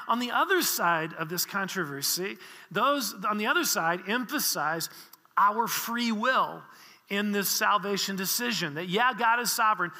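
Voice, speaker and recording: A man's voice: high voice, sharp tone, big-room sound. A man preaching a sermon, explaining with earnest teaching and frequent restarts. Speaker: pastor.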